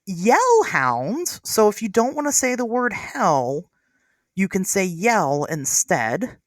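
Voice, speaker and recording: A podcast host from the United States talking in lively casual chat, laughing often. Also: mid-range voice, takes it slowly, no room sound, clean studio sound.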